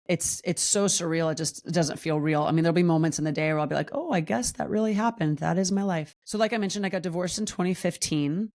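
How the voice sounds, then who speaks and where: A woman in her forties tells her story as a podcast guest, her voice sitting on the low side. She talks candidly and with lots of life, jumping high in pitch whenever she acts out what someone said. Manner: animated, acts out quoted voices with big pitch jumps. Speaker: podcast guest, wellness coach.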